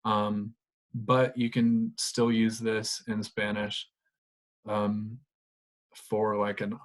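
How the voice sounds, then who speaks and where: A man teaching a Spanish grammar lesson, explaining patiently and relaxed, with frequent ums and uhs. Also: lowish voice, very slow. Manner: relaxed, explanatory, many fillers.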